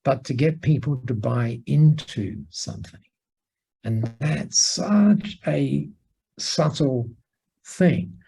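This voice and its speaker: A man with a gravelly, husky voice and a mellow, warm tone tells stories in an interview. He talks like a business mentor, animated and chatty, doubling back on himself and stopping for asides. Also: mid-range voice, slow, rough recording. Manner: animated anecdote-telling, many restarts and asides. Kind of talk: conversational storytelling interview. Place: lives in Singapore.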